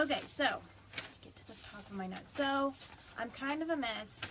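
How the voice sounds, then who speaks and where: A woman's voice: medium pitch, expressive, fairly quick, vocal fry. Woman rambling on a phone livestream, kinda teary, chatty, faint background hiss. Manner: chatty, rambling, fighting back tears. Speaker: direct sales consultant. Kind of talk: casual live stream chat. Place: home on a small farm.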